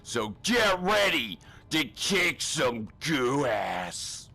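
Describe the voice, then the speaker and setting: A man's voice: mid-range voice, very animated, extremely slow, creaky, bright, forceful tone, heavily acted. A man doing a crude, barking drill sergeant. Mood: gruff. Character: gruff insulting male drill sergeant. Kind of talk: comedic spoof acting.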